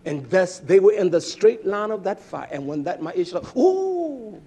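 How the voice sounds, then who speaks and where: A male preacher with a high voice that leaps all over the place as he delivers his sermon. He talks emphatically, rising into loud bursts and then dropping to low murmurs. He keeps turning to his congregation with direct questions. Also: big pitch swings, normal speed, breathy edge.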